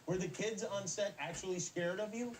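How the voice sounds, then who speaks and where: A man hosting a casual interview, joking and quick to laugh. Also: high-pitched. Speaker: talk show host. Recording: distant mic with clear background noise.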